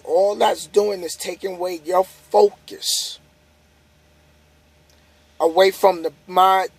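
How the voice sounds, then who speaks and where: A tired man, a trucker vlogger, giving a casual, repetitive motivational monologue to the camera. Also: sits high. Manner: casual, repetitive, preachy, building up emphasis. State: tired, yawning.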